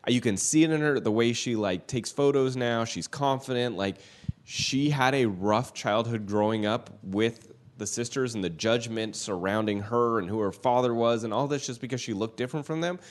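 A man's voice: medium pitch, normal speed. A man co-hosting a podcast, chatting casually about celebrity news, swearing now and then. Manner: chatty, swears casually, reads statements aloud. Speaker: podcast co-host.

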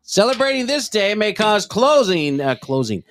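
A man's voice: high voice, sing-song, moderate pace, a bit bright. A man co-hosting a comedy podcast, cracking crude jokes and reading out trivia clues in casual banter. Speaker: podcast co-host.

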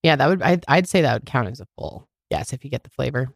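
A woman's voice: very deep voice, expressive, gravelly, husky, no room sound, clean studio sound. A young woman co-hosting a casual podcast chat, running a guessing game with a playful, teasing manner. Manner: playful, teasing, quick to laugh.

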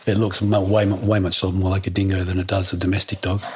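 Low-voiced man, reflective and halting. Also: flat delivery, a little mellow, breathy edge. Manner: reflective and halting, with many fillers. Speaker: guest. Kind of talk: casual conversation.

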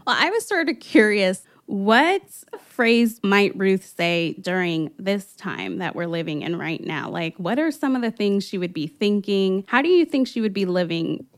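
A woman interviewer asking questions with long, measured setups. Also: mid-range voice, sing-song.

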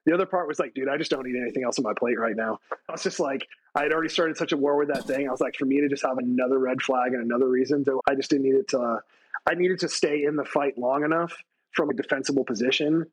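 A man, a retired Army staff sergeant from the United States, telling stories as a podcast guest, animated, acting out quoted people with a raised voice. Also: fast, a little hiss or hum, poor audio. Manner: animated storytelling, acts out quotes with raised pitch. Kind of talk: casual storytelling interview.

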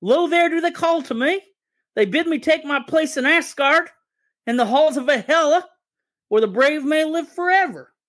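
A man voicing a solemn male Viking warrior who recites a death prayer in a slow, raised, declaiming voice. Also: extremely high pitch, lively intonation, a bit bright, voice pushed up.

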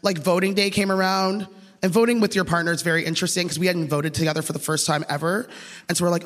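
A woman from Canada performing a stand-up set, telling stories in an animated way and acting out the voices she quotes. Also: medium pitch, fast talker. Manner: animated, acts out quoted voices, laughs through lines. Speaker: stand-up comedian. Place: comedy stage. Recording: reverberant stage sound with long echo.

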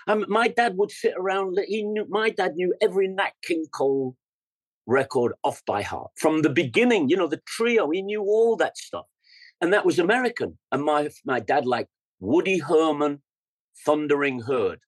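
A man's voice: fairly high pitch, animated, normal speed, no echo, low-quality recording. An older man with an English accent tells his stories with lots of animation. He scats rhythms and acts out quotes, and he sounds close and dry on the mic. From England. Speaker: guest musician. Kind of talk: storytelling interview.

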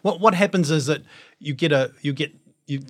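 A man's voice: fairly high pitch, normal speed. A middle-aged man with a New Zealand accent, a guest actor reflecting in a casual interview and often restarting his sentences. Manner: reflective, self-deprecating, many restarts.

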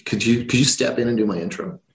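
A man's voice: mid-range voice, fast talker, vocal fry, echoey room. A man from Ireland with a faint Irish accent, a guest in a casual interview, friendly, with lots of fillers and restarts. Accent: faint Irish, mostly American-sounding. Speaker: guest, company chief executive.

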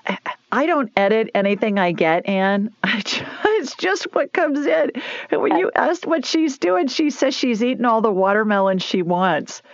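A woman with a Southern US accent, hosting a call-in radio show, upbeat and chatty and quick to laugh. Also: a little high, sing-song, no room sound. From Alabama. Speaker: radio show host and psychic medium. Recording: dull, lo-fi broadcast audio.

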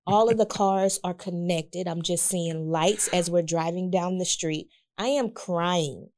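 A woman telling a story in casual chat, animated and laughing often as she acts out what people said. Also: fairly low pitch, a little slow.

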